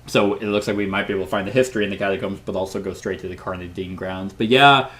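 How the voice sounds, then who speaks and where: A man at the table for a story board game session, reading the story text aloud before sliding into casual talk with his group. His voice sits a little low. He rambles, thinks out loud and fills gaps with fillers. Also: steady tone, fast talker.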